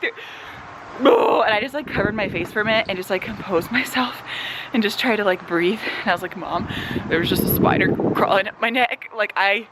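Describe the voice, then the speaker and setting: Pregnant young woman rambling thru a story on her vlog, lots of likes and ums, noisy background. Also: mid-range voice. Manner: chatty storytelling with many fillers. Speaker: vlogger. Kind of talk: casual vlog chat. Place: outdoors on a walk, then a home kitchen. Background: breeze outside, loud sizzling bacon in the kitchen.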